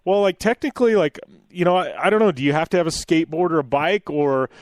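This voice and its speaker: A man's voice: a little high, fast, no echo. Give me an American man hosting a radio show, rambling and laughing, with a dry studio sound. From United States. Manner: rambling, laughing, many fillers. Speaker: radio host. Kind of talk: casual radio chat.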